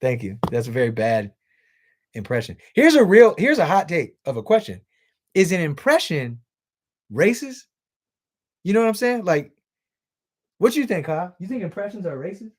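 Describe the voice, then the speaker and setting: Lively, loose-talking male streamer. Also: sits high, normal speed, long pauses. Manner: loose and profane, reads out chat comments. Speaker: livestream host. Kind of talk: casual chat with stream viewers.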